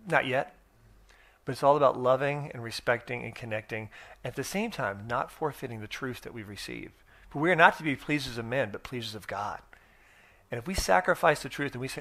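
A man's voice: medium pitch, animated, a little fast, creaky, a bit bright. A middle-aged man preaching in a church, telling stories in a folksy, rambling way with many restarts and fillers. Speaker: guest speaker. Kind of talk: sermon storytelling.

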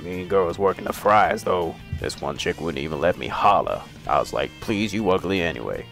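Gamer faking a deep, slangy swaggering dude. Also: lively intonation, normal speed, vocal fry, fairly bright tone, soft background music, heavily acted. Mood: boastful. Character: swaggering young man reviewing fast food. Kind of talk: gaming chat impression.

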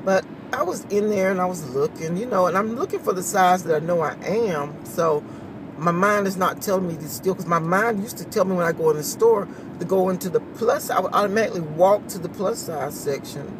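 A woman's voice: lowish voice, brisk. A woman chatting casually to her viewers, laughing often and saying y'all, recorded on a phone camera. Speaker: vlogger. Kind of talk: casual morning chat to viewers. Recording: distant phone mic with steady noise.

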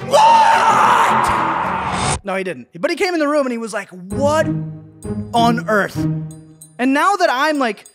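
A young man giving casual reaction commentary on memes, excitable and slangy, calling everyone dude. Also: very high-pitched, fast, hardly any pauses, music in the background.

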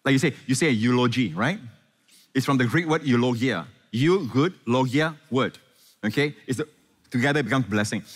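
Male pastor, lively sermon delivery, higher pitch, long hall reverb. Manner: animated, asks the congregation questions and calls for amens.

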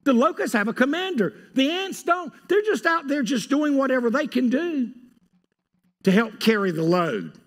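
A man preaching a sermon as pastor, with an animated delivery that swings from hushed asides to loud pleading. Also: very high-pitched, normal speed. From North Carolina.

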